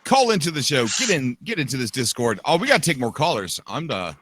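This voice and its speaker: Excitable man hosting a live podcast. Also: medium pitch, noisy background. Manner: excitable, animated, quick to shout. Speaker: podcast host. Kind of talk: casual livestream chat.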